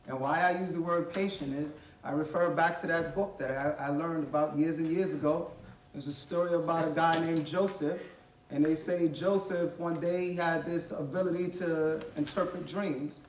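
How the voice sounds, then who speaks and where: A man with a fairly high voice gives a motivational storytelling talk in a casual, slangy way. He sounds distant, and the echo of a large room surrounds him. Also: normal speed, slight background noise. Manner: animated, conversational, uses street slang. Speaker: guest speaker. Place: college library event room. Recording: echoey hall from far off.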